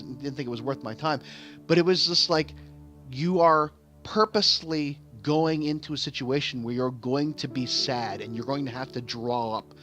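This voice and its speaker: A man who acts on stage, talking candidly in a rambling way, often repeating words and restarting. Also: on the high side. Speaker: vlogger and stage actor. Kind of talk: candid casual monologue. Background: game music playing.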